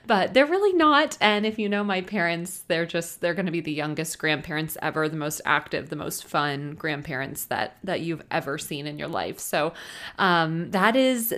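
A woman's voice: on the low side, fairly bright tone. A young woman hosting her own podcast, chatting casually and gushing with emotion, close to tears. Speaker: podcast host. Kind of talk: casual solo podcast chat.

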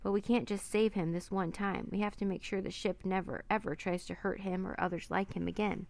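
Brief: woman playing an earnest boy, steady middle pitch, gravelly edge. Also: brisk, no room sound, natural voice. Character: earnest thoughtful young boy.

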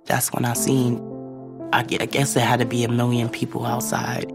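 Woman w a gravelly edge, quiet halting testimony, music playing under her. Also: extremely low pitch, flat delivery. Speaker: interviewee. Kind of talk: personal testimony interview.

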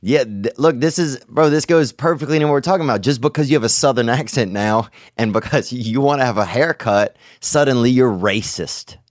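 A man's voice: mid-range voice, a little fast, few pauses, no room sound, clean studio sound. A man hosting a podcast, chatting casually and joking with a caller, rambling and swearing freely. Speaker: podcast host taking calls. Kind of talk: casual chat.

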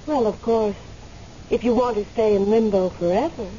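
An actress playing the spirit of a dead woman who waits in limbo, speaking in a gently teasing, unhurried way in a radio drama. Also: medium pitch, natural voice. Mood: calm, teasing. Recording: muffled radio recording, faint hiss.

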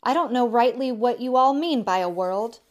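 A woman's voice: a little high, expressive, normal speed, darkish tone, lightly acted. A woman voicing a gloomy, stubborn male marsh creature who talks short of breath. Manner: stout, breathless, plain-spoken.

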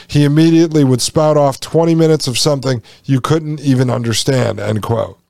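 A man's voice: on the high side, darkish tone, no echo, studio quality. A man hosting a podcast, reading from a text and commenting on it in a folksy, sarcastic way that addresses the listeners directly. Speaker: podcast host.

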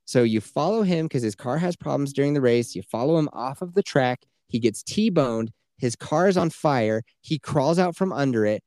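A man's voice: mid-range voice, animated, normal speed, hardly any pauses, a little mellow, no echo. Man, 30s, podcast co-host. Casual, swearing storyteller who slips into quoted voices. Dry, close mic. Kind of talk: casual chat.

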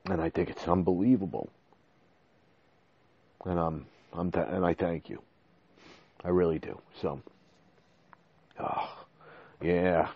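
Deep voiced guy in his 40s rambling on his podcast, gets emotional, kinda dull lo-fi sound. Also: steady tone, slow pace, long pauses. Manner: emotional, repeats words and restarts. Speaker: podcast host. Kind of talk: casual monologue. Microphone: desk microphone.

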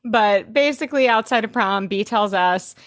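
A woman co-hosting a podcast, gushing and reacting quickly in a casual recap chat. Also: mid-range voice, dry recording. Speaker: podcast co-host.

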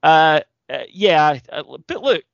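A man's voice: fairly high pitch, lively intonation, slow pace, no room sound, dull audio. A man, co-hosting a podcast, telling stories and ranting in casual, sweary chat. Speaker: podcast co-host.

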